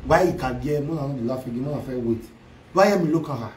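A man ranting and taunting loudly, switching between Pidgin, Yoruba and Igbo in a social media commentary. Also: mid-range voice, fast talker, reverberant, recorded from a distance, a little hiss or hum, rough recording.

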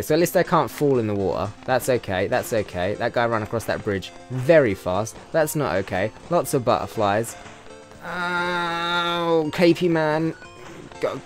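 A man with a British accent giving sarcastic, profanity-laced commentary while playing a video game, often breaking into loud excited yelps. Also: medium pitch. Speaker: let's play host. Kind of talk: casual gameplay commentary.

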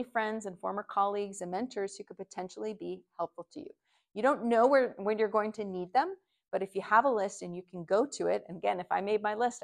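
A middle-aged woman presenting a video workshop, advising the viewer directly. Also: mid-range voice.

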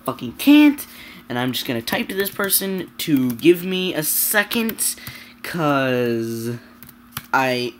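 A woman's voice: rumbling low, lively intonation, takes it slowly, slight background noise. A young woman vlogger ranting to camera, sweary and exasperated, stumbling over her words. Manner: sweary, exasperated, stammering restarts. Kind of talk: angry rant to camera.

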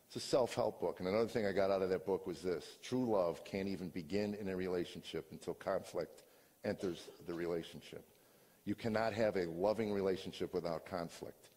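An older man, a comedian, telling a confessional story from a stage to a live audience, earnest and sometimes rising to loud exasperation. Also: deep voice, husky. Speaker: comedian giving a personal testimony. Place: stage before a live audience in a large hall. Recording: long hall reverb.

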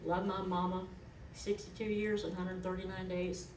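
A woman's voice: on the low side, flat delivery, moderate pace, a little mellow, slight background noise. A middle-aged woman, giving a eulogy in a chatty, folksy storytelling way. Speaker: eulogist, daughter of the deceased. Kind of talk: eulogy told as personal stories. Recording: echoey hall, voice from far off.

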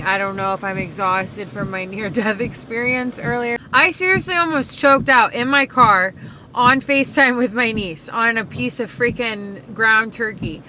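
A woman's voice: mid-range voice, noisy background. A young woman casually vlogging her day from her car, chatty, swearing freely and poking fun at herself. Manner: profane, chatty and self-mocking. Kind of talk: casual day-in-the-life vlog.

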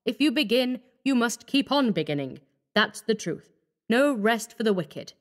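A woman voicing a cold, scheming young male doctor who talks calmly and menacingly. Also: a little high, unhurried, voice pushed up. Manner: calm, coaxing, menacing.

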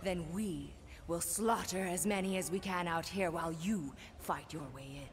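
A woman's voice: normal speed, slight background noise, close to an everyday voice. A woman voicing a bloodthirsty alien monster queen who commands her forces in a video game. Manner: booming, commanding, relishes battle. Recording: long reverb with game music behind.

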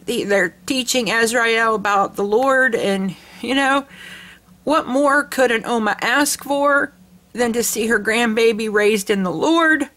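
A middle-aged woman hosting her crafting vlog, gushing with excitement and laughing often. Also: fairly high pitch. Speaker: crafting channel host. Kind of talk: casual vlog chat.

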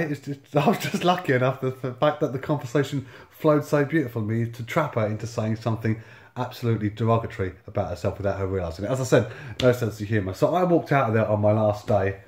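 A man's voice: mid-range voice, darkish tone, reverberant. A man in his thirties telling a personal story in a sardonic, sweary way, full of reported speech. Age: 30s. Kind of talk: casual storytelling monologue.

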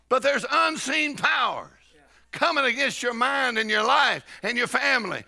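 A man's voice: extremely high pitch, expressive, normal speed, vocal fry. A middle-aged man preaching a charismatic sermon, exhorting and repeating lines as he builds up. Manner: shouting, exhorting, repetitive call-and-response.

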